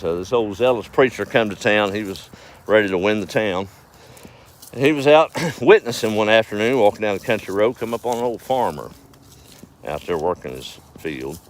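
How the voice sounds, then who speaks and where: A man telling folksy farm stories on a casual livestream, chuckling as he rambles. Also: lowish voice. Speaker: farm vlogger.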